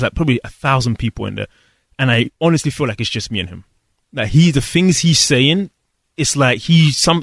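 A man tells a personal story in an interview. He speaks earnestly and reflectively, pausing and restarting as he searches for words. The sound is dry and close. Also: mid-range voice, fairly bright tone, no room sound. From London, England. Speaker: guest.

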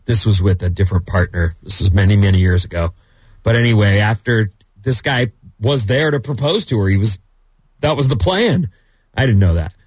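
A man's voice: fairly low pitch, lively intonation, moderate pace, darkish tone, slightly rough, dry recording. Chatty male radio host, dry sound. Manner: chatty storyteller, playful. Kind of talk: morning show banter.

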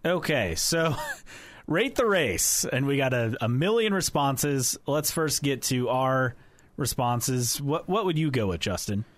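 Relaxed, chatty man co-hosting. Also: medium pitch, unhurried, dry recording. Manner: relaxed, chatty, laughs often. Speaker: podcast co-host. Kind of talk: casual chat.

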